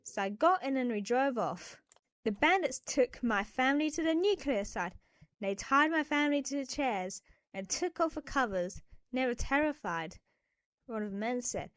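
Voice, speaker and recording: A woman narrating an animated first-person story, telling it expressively and addressing viewers at the end. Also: high voice, moderate pace, no room sound.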